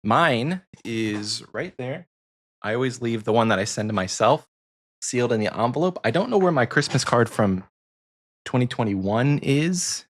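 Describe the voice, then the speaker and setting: A man's voice: mid-range voice, expressive, moderate pace. An American man co-hosting a podcast, chatting casually and rambling with frequent ums. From United States. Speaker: podcast co-host.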